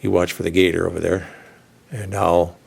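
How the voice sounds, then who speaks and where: Laughing at his own long story, a southern U.S. radio host in middle age rambles on in a casual way. His deep voice is gravelly and husky, with a level tone and normal speed.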